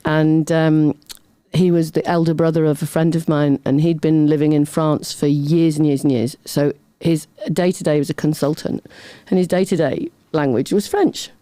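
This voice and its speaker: A middle-aged woman talks freely as a guest, piling one story onto the next in a chatty, rambling way. Her voice is mellow and dark rather than bright. The recording is dry and close, with no room echo. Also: low-pitched, fairly even intonation, moderate pace, hardly any pauses. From Britain. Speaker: podcast guest. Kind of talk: casual interview chat.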